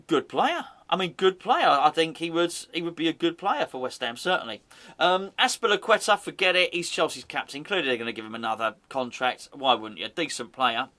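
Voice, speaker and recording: A man's voice: medium pitch, sharp tone. A man hosting a fan channel, rambling and joking in casual football chat, often correcting himself mid-sentence. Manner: rambling, jokey, self-correcting.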